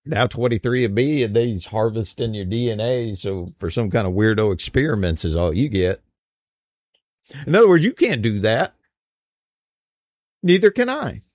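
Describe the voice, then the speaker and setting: A man's voice: fairly low pitch, expressive, moderate pace, pauses often, a little mellow, no echo. An American man giving a casual opinion monologue, emphatic and rambling, with frequent restarts. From United States.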